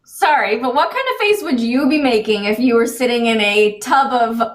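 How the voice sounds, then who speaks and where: High, lively woman co-host in an echoey room. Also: moderate pace. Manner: playful, laughing. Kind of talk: casual sports chat show.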